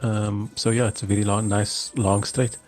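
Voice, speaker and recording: A man chats as co-commentator in a race booth. He talks casually and a little haltingly, keeping things light. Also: fairly low pitch, level tone, a little mellow, soft background music.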